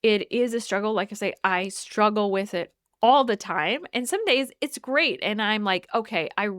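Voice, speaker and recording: A woman hosting a solo wellness podcast, talking in an earnest, halting way with many restarts. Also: medium pitch, lively intonation, fairly bright tone, no echo, studio quality. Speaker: podcast host. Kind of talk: reflective solo podcast monologue.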